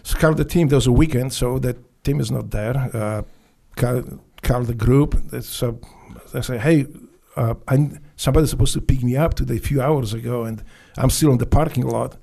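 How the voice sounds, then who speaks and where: As a guest in a casual storytelling interview, a former Navy SEAL originally from Poland speaks at medium pitch in a gravelly, dark voice with a Polish accent. His broken English comes out halting and full of restarts, and he's blunt and swears freely.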